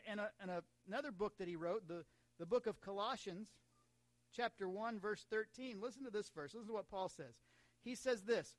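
High-voiced American man preaching. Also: moderate pace, a bit bright, no echo. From United States. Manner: conversational preaching with asides and humor. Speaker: pastor. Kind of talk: sermon.

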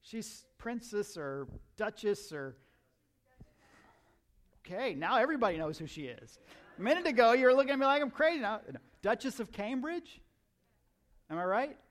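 A male pastor giving a conversational sermon, asking his listeners questions and slipping into quiet asides. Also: high-pitched, animated, normal speed, pauses often. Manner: conversational, asks the audience questions, drops to asides.

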